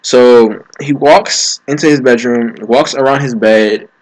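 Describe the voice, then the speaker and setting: A man's voice: medium pitch, takes it slowly, rough recording. A young man casually telling a personal story, slangy and often breaking into laughter. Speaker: vlogger.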